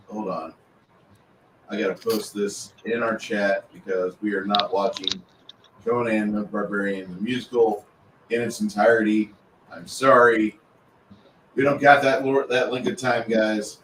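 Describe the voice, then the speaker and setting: A man's voice: on the low side, a little slow, long pauses. A man hosting a casual meme review stream, reading memes aloud and swearing freely. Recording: echoey room, mic at a distance, faint noise.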